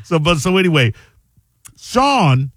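Male radio host, casual banter, laughs a lot, bouncy lively pitch, dry studio sound. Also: slow pace, no room sound. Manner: laughing, joking, talking over others. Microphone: studio microphone.

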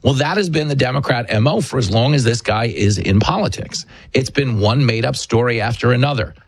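A man's voice: medium pitch, a little fast, no room sound. A man hosting a talk show, delivering a combative, emphatic political commentary monologue. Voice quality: husky.

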